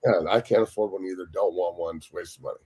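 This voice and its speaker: A former football player tells stories with a rough, husky edge and a fairly low voice. He swears constantly and acts out every quote with gusto. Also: racing. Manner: profane, animated, acts out quotes. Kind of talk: casual storytelling on a sports talk show.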